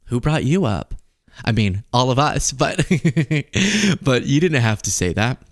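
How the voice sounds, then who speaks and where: A man's voice: medium pitch, slow, no echo, clean studio sound. Sarcastic male political show host. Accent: Texan. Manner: sarcastic, animated, laughs at his own points. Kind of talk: casual political commentary.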